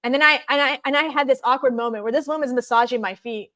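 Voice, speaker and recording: Woman guest, somewhat high voice, rambling conversational storyteller with frequent fillers. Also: quick pace, bright, forceful tone. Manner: chatty, many fillers of "like".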